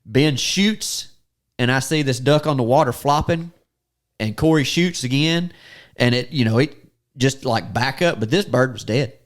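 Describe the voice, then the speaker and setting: A man recounts a hunting trip in easy, casual podcast talk. He slips into the voices of his friends as he goes. His pitch leaps up sharply when the story gets exciting. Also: unhurried. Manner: animated, acts out quotes with sudden high-pitched outbursts.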